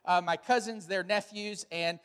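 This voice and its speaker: High-pitched male pastor, middle-aged, casual storyteller, long church reverb. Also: steady tone, moderate pace, fairly bright tone, clear, resonant tone. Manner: casual, storytelling, with frequent fillers. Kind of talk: sermon with announcements. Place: large church hall.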